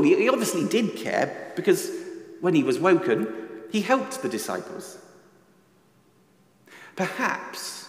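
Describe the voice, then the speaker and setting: A man giving a reflective sermon in a church, often asking his listeners questions. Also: a little high. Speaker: preacher. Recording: echoey church hall reverb.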